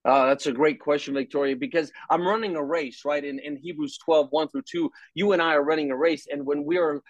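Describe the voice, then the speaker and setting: A man with a high-pitched voice talks about faith with preacherly energy, jumping into acted-out voices and scripture quotes. The sound is dry and close. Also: a little fast, no room sound, highs cut off. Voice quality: animated, preacherly, acts out voices. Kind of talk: faith-based conversation.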